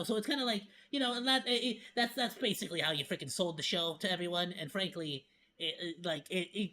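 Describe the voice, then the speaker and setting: A man's voice: sits high, bright, forceful tone, a little hiss or hum. A man chatting casually as a streamer reacting to a video, joking, laughing often and stumbling over restarts.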